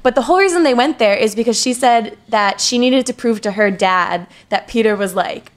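A woman hosts a relaxed podcast conversation, teasing her co-hosts playfully. Her voice sits a little high. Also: normal speed. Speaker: podcast host. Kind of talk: casual chat.

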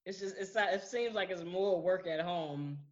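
A woman's voice: on the low side, normal speed, darkish tone. A woman co-hosting a podcast, chatting casually and laughing often as she tells stories with quoted voices. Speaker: podcast co-host. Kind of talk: casual chat. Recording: slightly dull lo-fi sound.

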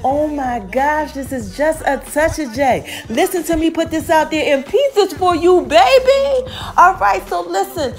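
A woman podcast host giving an excitable, casual recap of a TV episode, talking straight to her listeners. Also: high voice, measured pace, faint music behind. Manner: excitable storytelling, addresses listeners as y'all.

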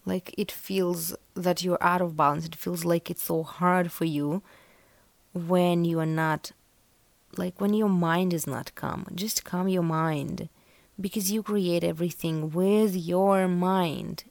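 A woman's voice: fairly low pitch, fairly even intonation, slow, vocal fry, a little mellow, no echo. A young woman hosting a podcast, chatting casually and giving a collective tarot reading, meandering with many fillers. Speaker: podcast host.

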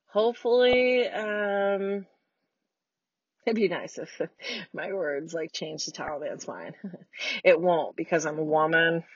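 An American podcast host in her forties, with a fairly low voice, delivers a casual solo rant from her parked car. She's blunt, sweary, heated, and sarcastic, and the recording is dry with no room sound and slightly muffled.

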